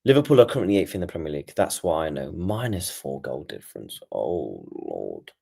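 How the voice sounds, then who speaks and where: A man's voice: low-pitched, sing-song, quick pace, a little mellow, husky. A man hosting his own channel, giving a rambling, frustrated post-match reaction and swearing as he talks. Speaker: football fan channel host.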